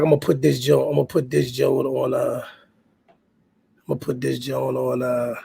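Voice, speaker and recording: Gravelly-voiced man hosting a boxing livestream. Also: mid-range voice. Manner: animated, repeats himself, talks to chat viewers. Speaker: host of a boxing talk livestream. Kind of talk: casual live-stream talk.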